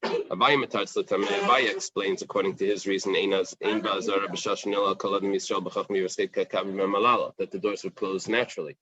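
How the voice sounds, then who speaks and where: A man's voice: low-pitched, fairly even intonation, fast talker, bright, forceful tone, dull audio. A man teaching a Talmud class in plain English, mixing in Aramaic and Hebrew quotes, with fillers and restarts. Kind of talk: daf yomi Talmud class.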